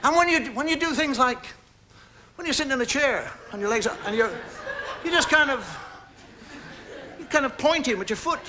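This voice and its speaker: High-pitched, lively male comedian. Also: moderate pace, pauses often, noisy background. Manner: chatty, playful storytelling that acts out gestures. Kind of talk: stand-up monologue to a studio audience.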